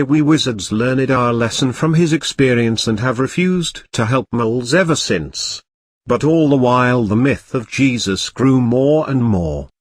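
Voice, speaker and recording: A man's voice: medium pitch, no echo, natural voice. A man voicing a sarcastic, easily amazed boy wizard who chatters like a know-it-all.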